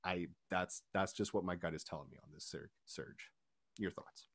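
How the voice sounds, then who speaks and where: A man hosting a podcast discussion, speaking in a measured, tentative way. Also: deep voice, dry recording, studio quality. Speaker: podcast host.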